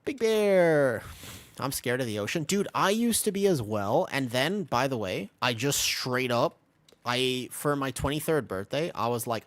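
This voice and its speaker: A man's voice: mid-range voice, moderate pace, no room sound. A man in his twenties chatting casually while he plays a game on stream, telling a rambling story between callouts. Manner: rambling storyteller, animated voices when quoting. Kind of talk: casual gaming stream chat.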